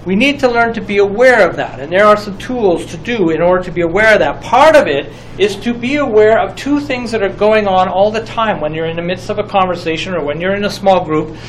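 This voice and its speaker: A middle-aged man with a high voice teaches about group communication. He talks in a reflective way and asks many rhetorical questions. A faint hiss sits under the recording. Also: fairly quick, hardly any pauses, poor audio.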